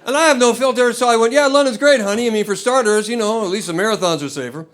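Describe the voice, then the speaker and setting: A man's voice: high voice, fast talker, a bit bright. A middle-aged American man performing a stand-up set on a comedy club stage, telling blunt, rambling stories with restarts. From United States.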